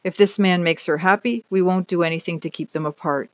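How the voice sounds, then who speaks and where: A storyteller puts on a gentle middle-aged mother in an audiobook. She talks calmly and reassuringly. The voice is dry and close. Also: medium pitch, brisk, dry recording, natural voice.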